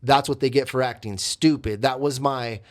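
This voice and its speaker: A man's voice: mid-range voice, fairly even intonation, moderate pace. A man hosting a podcast, telling his own story in a candid, reflective, confessional way with many fillers. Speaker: podcast host and coach.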